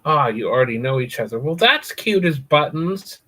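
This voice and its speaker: A man's voice: fairly high pitch, sing-song, moderate pace, sharp tone, poor audio. A man hosting a casual livestream, chatting with viewers and repeating words over and over for crude, silly jokes. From United States. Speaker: livestream host.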